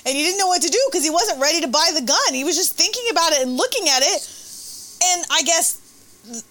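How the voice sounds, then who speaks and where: A woman telling a story in a casual chat, animated and laughing often. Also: extremely high pitch, fairly quick.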